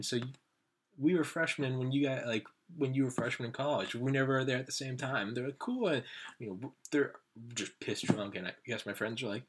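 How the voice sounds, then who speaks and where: A man in his thirties hosting a podcast, telling stories in casual chat and jumping into a higher voice to act out his friends. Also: fairly quick, slightly rough. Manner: animated, acts out quoted friends with raised pitch. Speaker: podcast host.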